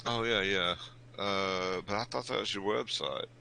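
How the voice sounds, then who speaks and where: A man chatting casually with friends on a livestream, laid-back and quick to laugh. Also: fairly low pitch, vocal fry, pushed and bright. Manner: laid-back, laughs often, drawling asides. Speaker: streamer.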